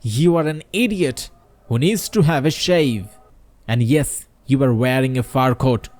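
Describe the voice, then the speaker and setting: A man with a Bangladeshi accent voicing a furious, yelling vice president in a storybook reading. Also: medium pitch, unhurried, no echo, lightly acted. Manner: yelling, angry.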